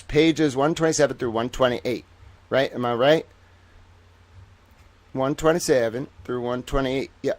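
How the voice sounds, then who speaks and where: A man hosting an independent news livestream, reading through court documents with excitable, profane commentary that swings between loud outbursts and low muttering, and slowing right down for the big reveals. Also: no room sound. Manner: slow, drawn-out announcer-style delivery for the big reveals. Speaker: independent journalist and show host.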